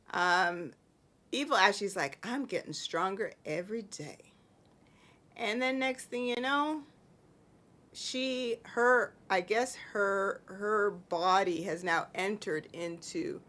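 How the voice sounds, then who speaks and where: At home indoors, a woman with a mid-range, fairly bright voice hosts a podcast. She chats casually and with amusement through a soap-opera recap full of rambling asides.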